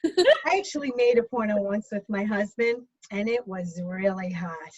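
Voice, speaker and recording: A woman's voice: mid-range voice, animated, moderate pace. A woman doing a stand-up comedy set from home, crude and self-mocking in her punchlines. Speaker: stand-up comic. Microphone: video call computer mic. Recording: muffled video call audio with background hiss.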